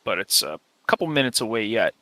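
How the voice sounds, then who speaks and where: A man narrating a tabletop game as game master, relaxed and unhurried, with many filler pauses. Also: fairly low pitch, no echo.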